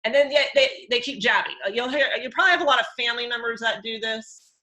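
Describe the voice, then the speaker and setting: A middle-aged woman hosting a live workshop as a counselor, chatty and animated, breaking into high mimicking voices. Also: quick pace, rough recording.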